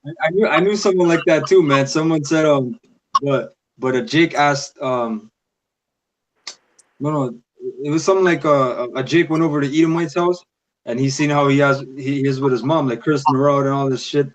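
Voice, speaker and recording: A man's voice: fairly high pitch, normal speed. Man, discussion participant, slangy and casual, reads scripture aloud; noisy recording.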